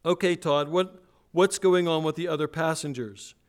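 A preacher reading a calm woman phone operator. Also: a little high, normal speed, pitched above the performer's own voice, lightly acted. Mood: questioning. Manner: steady, questioning, raised read-aloud delivery.

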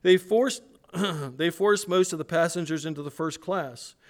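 A man's voice: a little high, measured pace, pitched above the performer's own voice. A man preacher reading aloud the words of a frightened male airline passenger on an emergency call, in an urgent, pressed way. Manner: urgent, pressed, raised read-aloud delivery.

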